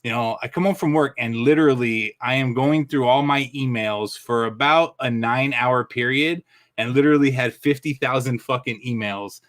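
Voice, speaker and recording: A man ranting on a podcast, cursing in nearly every sentence. His voice is bright and forceful, with an ordinary pitch for a man. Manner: angry profane ranting, swears constantly. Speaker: podcast co-host. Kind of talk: casual ranting podcast chat.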